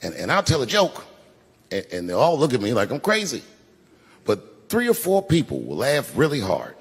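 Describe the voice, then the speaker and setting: A man's voice: medium pitch, huge pitch swings, moderate pace. A man in his fifties doing a stand-up comedy routine, telling stories in a laid-back way and often repeating words. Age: 50s. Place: large venue on stage. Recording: echoey hall with audience noise.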